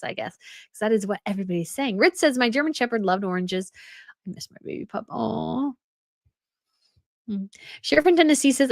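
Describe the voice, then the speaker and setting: Woman host of a casual live chat show, chatty and loose, medium pitch, dry recording. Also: dry recording. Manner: chatty, restarts and repeats phrases. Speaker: host of a royal news live stream. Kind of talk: casual live chat reading viewer comments.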